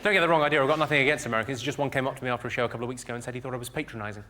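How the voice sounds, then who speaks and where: English male comic with a posh southern accent, deadpan and clipped, rapid one-liners, live show with heavy crowd laughter. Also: medium pitch, very noisy. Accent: English, southern received pronunciation. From England, home counties. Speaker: stand-up comedian. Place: live comedy venue with audience. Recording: live show recording with loud audience laughter.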